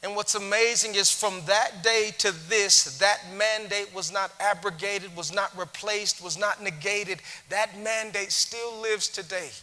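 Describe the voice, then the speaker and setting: A man's voice: high-pitched, fairly even intonation, measured pace, hardly any pauses, bright, forceful tone. A man giving an inspirational keynote speech in a conference hall, with an impassioned, preacher-like cadence full of repetition. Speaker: keynote speaker.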